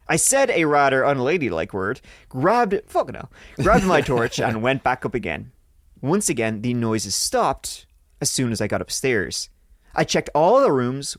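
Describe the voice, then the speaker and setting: A man's voice: mid-range voice, no echo. Guy on a podcast reading a ghost story, swears a lot, voice jumps around a bunch, super dry mic. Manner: swears freely, breaks off to joke mid-story. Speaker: podcast host reading listener stories. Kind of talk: casual storytelling read-aloud.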